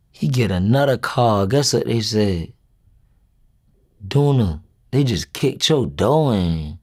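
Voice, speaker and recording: A young man tells a story in a casual interview, and his voice swings widely up and down as he acts out each quoted line. He talks in a loose, lively way at a middle pitch. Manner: animated retelling, acts out quoted dialogue. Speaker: rapper being interviewed.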